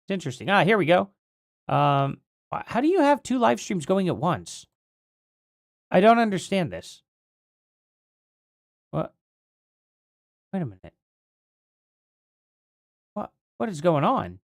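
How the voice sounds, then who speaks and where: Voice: mid-range voice, big pitch swings, a little slow, long pauses, dry recording, clean studio sound. A livestream host rambling casually through commentary, thinking aloud, with a voice that is starting to go.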